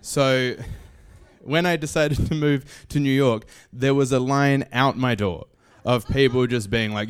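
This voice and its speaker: A young man with an Australian accent tells a funny story live on stage. His voice is mid-pitched and sounds close to the mic in a dry space with little room sound. He is lively and slips into the voices of the people he describes. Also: moderate pace, clean tone, no echo. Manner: comic, animated storytelling with voices. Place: stage in a small venue.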